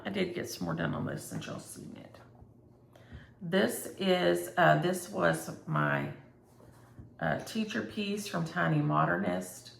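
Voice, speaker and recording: Low gravelly woman chatting. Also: echoey room, slight background noise. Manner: chatty, rambling, thinks aloud. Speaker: flosstube host. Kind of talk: casual chat showing stitching projects.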